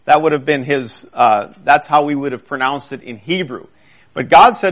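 A man preaching a sermon who reads scripture aloud and then explains it, speeding up and slowing down for emphasis. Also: fairly high pitch, lively intonation.

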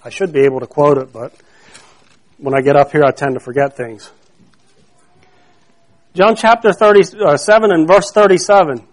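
A man with a notably high voice delivers a sermon as a pastor in a church. He keeps it conversational, often doubling back on his own phrases and pausing to ask the congregation to call out the missing word. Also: expressive. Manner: conversational preaching, quizzes the congregation to fill in words; repeats and restarts phrases.

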